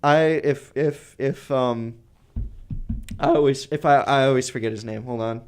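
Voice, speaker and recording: A man's voice: mid-range voice, fairly even intonation, normal speed, darkish tone, a little hiss or hum. Laughing young male podcast co-host. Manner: laughs often, jokey and rambling. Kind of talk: casual chat.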